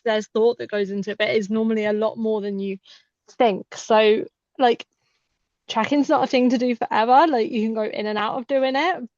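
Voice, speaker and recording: A woman with a fairly high voice talks through her points in a relaxed, conversational way, leaning on lots of "like"s. Her voice is recorded dry and a little muffled, with no room sound around it. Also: no echo. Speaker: podcast co-host. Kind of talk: casual podcast chat.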